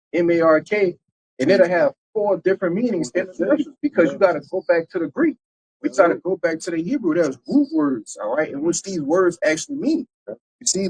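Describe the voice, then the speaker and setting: A man's voice: high-pitched, gravelly, a little mellow, slightly rough, poor audio. A man teaching a Bible lesson in a loose, conversational preaching style, tagging his points with rhetorical questions. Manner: loose and conversational, tags lines with "man" and "right?".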